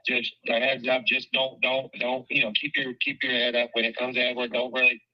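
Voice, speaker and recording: A man talks quickly through a muffled, lo-fi call. He rambles, restarts and repeats himself, swearing freely as he recounts what happened. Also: mid-range voice, monotone. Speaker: caller recounting events. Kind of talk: casual phone chat.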